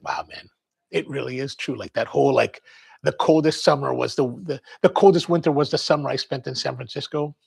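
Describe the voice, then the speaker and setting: Hosting a coffee livestream, a Maryland man from the US East Coast tells a meandering, casual story, reads viewer comments, and laughs as he imitates the voices of people he quotes. He speaks a little high, with vocal fry and a breathy edge.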